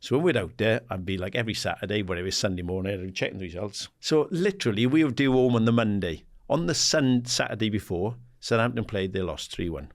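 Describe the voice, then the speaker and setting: A fast-talking Englishman in his sixties, voice on the low side and few pauses, guests on a relaxed storytelling interview. The former footballer and assistant manager spins animated anecdotes, performs the quoted dialogue, laughs often, swears casually and says "mate".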